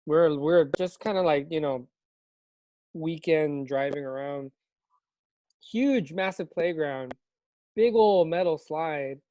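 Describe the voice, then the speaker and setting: A man who is a high school teacher co-hosting a casual unscripted chat, telling stories in an animated way and laughing often. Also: slow pace, pauses often, dry recording.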